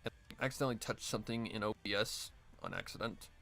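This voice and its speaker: A man's voice: lowish voice, steady tone, fast, a bit bright, soft background music. Rambling man chatting on a live stream. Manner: rambling, self-correcting, swears casually. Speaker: streamer editing an audio drama. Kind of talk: casual live-stream chat.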